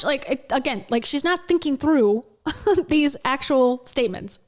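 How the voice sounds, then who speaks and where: Sarcastic high-voiced woman commentator. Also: animated, measured pace. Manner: sarcastic, blunt and critical. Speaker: commentary YouTuber. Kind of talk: reaction commentary.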